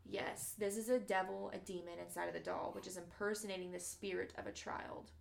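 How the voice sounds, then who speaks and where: A chatty woman hosting a podcast, retelling a true story in a loose, conversational way full of fillers. Her voice carries a gravelly vocal fry at a middle pitch. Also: fairly even intonation, a little fast. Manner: chatty, many fillers and likes. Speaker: podcast host. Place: podcast studio.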